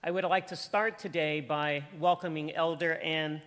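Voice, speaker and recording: A woman university official opening a graduation ceremony in a formal, measured, welcoming manner. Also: deep voice, fairly even intonation, fairly bright tone. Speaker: university official presiding at convocation. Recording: livestream audio with long hall reverb.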